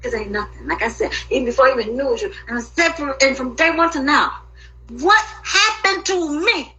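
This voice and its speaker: A woman in an emotional personal monologue, talking in an agitated, profane and rambling way with sudden loud outbursts. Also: high-pitched, lively intonation, fairly quick, low-quality recording.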